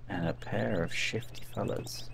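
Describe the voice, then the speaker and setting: A man's voice: deep voice, measured pace, vocal fry, fairly bright tone, a little hiss or hum. A man casually commenting while playing an adventure game at his desk, muttering offhand asides. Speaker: let's play host.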